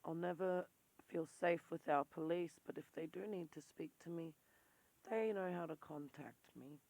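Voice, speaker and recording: Speaking at medium pitch and normal speed with vocal fry and a darkish tone, this Australian vlogger in their forties is blunt and swears freely. Their worn voice goes squeaky when agitated during an intense, rambling, candid monologue with no room sound.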